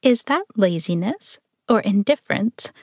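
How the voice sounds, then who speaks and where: A woman's voice: on the high side, measured pace, a little mellow, dry recording, clean studio sound. A woman putting on a trembling, passionate young woman. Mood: tender. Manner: pleading, tremulous. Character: young woman, tender, passionate, easily frightened.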